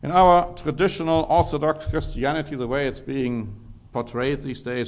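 A man's voice: fairly high pitch, fairly even intonation, moderate pace. A man preaching a sermon, emphatic, reading scripture aloud and stressing key words.

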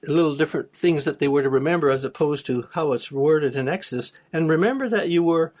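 A man's voice: fairly high pitch, fast talker, darkish tone. A man teaching a Bible study, reading verses aloud and then explaining them plainly, with small restarts. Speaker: preacher.

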